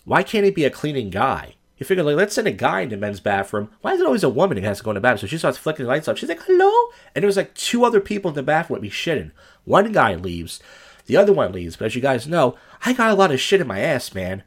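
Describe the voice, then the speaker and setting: A man's voice: mid-range voice, huge pitch swings, fast talker, breathy edge. A man hosting a podcast, telling crude, rambling, self-deprecating stories in a casual monologue. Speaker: podcast host.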